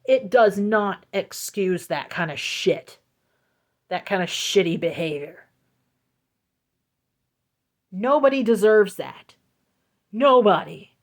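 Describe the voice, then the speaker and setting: A woman telling a storytime vlog into her phone, slow, deliberate and emphatic, repeating her points for weight. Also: medium pitch. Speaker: vlogger.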